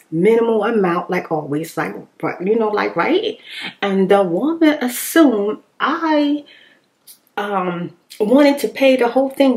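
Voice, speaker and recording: A woman chatting casually on her vlog, expressive and informal, laughing often and slipping at times into a whisper. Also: mid-range voice. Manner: informal, animated storytelling. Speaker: ASMR vlogger. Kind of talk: casual rambling chat reading viewer comments.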